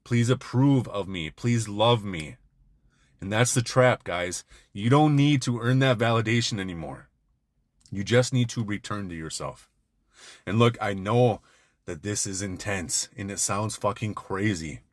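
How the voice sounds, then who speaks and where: A man's voice: fairly low pitch, normal speed, dry recording, clean studio sound. A man giving an intense, blunt motivational monologue to other men, peppered with swearing. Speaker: men's self-help speaker.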